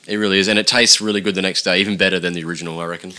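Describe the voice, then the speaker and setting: Low-voiced man, relaxed banter. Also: racing. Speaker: podcast co-host. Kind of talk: casual podcast banter.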